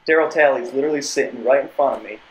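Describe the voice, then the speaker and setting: A man's voice: mid-range voice, very fast, low-quality recording. A young man, a podcast guest, telling a long casual story with many tangents and restarts. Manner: rambling, tangents, repeated restarts.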